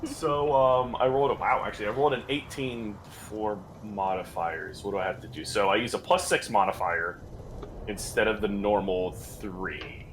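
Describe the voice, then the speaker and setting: A man playing a tabletop game, talking in an animated, exasperated way with frequent swearing, on a hissy home mic. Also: lowish voice, normal speed. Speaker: player. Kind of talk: tabletop role-play chat.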